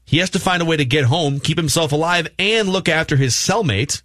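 A man's voice: on the high side, a little fast, fairly bright tone, no room sound, clean studio sound. A man co-hosting a movie podcast who recaps the plot and jokes with his co-hosts. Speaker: podcast co-host.

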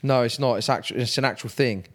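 A man chats casually on a podcast, winding through long stories with restarts and asides. His voice sits at an ordinary middle pitch and comes over a remote line. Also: fast, a bit bright. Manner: chatty, rambling anecdotes with playful accent impressions. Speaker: podcast co-host. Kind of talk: casual chat.

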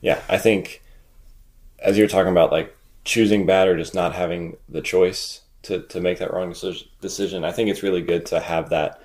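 Teenage man, very deep voice, podcast co-host, casual chat, thoughtful, halting restarts. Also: fairly even intonation, darkish tone. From Raleigh, North Carolina. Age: teens. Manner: thoughtful, searches for words, restarts.

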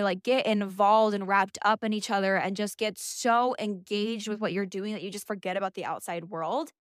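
A woman's voice: a little high, fairly bright tone, no room sound, clean studio sound. A young adult woman hosting a casual monologue podcast, chatty and emphatic with a sassy edge. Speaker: podcast host.

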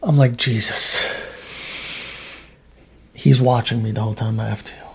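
Middle-aged guy, ex trooper, telling wild stories, swears a lot, acts out the voices, medium pitch. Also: quick pace, vocal fry, breathy edge. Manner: animated storyteller, swears, acts out quotes. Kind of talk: casual storytelling chat.

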